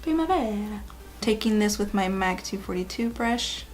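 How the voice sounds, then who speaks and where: A woman's voice: mid-range voice, steady tone, moderate pace. A woman beauty vlogger talking viewers through a makeup tutorial in a chatty, upbeat way. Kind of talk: casual makeup tutorial narration.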